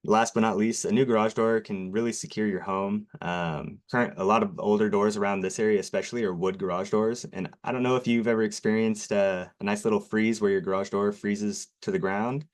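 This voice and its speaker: Very deep-voiced, nervous man presenting. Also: fairly even intonation, fairly quick, few pauses. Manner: nervous, self-deprecating, many fillers. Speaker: garage door company presenter. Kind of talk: local TV sales presentation.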